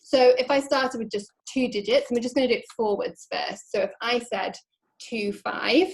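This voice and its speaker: A woman's voice: a little high, a little hiss or hum, low-quality recording. Woman presenting a webinar, laughs often. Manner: friendly, laughs often, reads digits slowly. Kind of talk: webinar talk.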